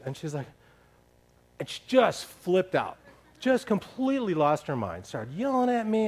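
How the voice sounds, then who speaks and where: A middle-aged man telling a humorous story to a church congregation, animated and laughing as he talks. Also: mid-range voice, moderate pace. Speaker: church leader sharing a story.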